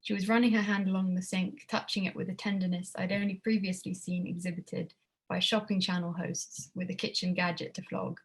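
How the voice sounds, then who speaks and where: A woman reading her own prose at a literary evening, measured with a wry tone. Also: lowish voice, level tone, slightly rough. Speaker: student writer reading her work.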